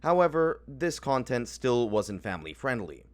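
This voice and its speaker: A man narrating a scripted commentary in a deadpan, mocking tone full of dry sarcasm. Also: medium pitch, moderate pace.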